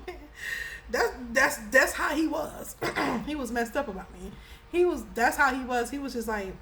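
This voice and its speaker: A young adult woman vlogger telling a casual storytime in a chatty, animated way, laughing often between sentences. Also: sits high, normal speed, a little hiss or hum, low-quality recording.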